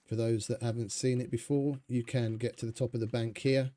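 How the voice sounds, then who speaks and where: A man's voice: mid-range voice, flat delivery, brisk, dark tone. A man giving casual, rambling gameplay commentary as a streamer, chatty and swearing freely. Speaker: gaming streamer.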